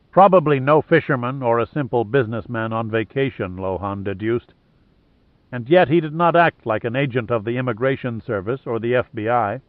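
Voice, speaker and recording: A man narrating a novel in a measured, even reading. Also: medium pitch, dry recording. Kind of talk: scripted audiobook narration. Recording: narrow phone-like sound.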